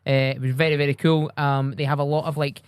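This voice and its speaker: A man's voice: fairly high pitch, quick pace, smooth, no room sound, studio quality. A man from the UK co-hosting a podcast, chatting casually with frequent ums and uhs. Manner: relaxed, hesitant with frequent fillers. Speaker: podcast co-host. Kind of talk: casual chat.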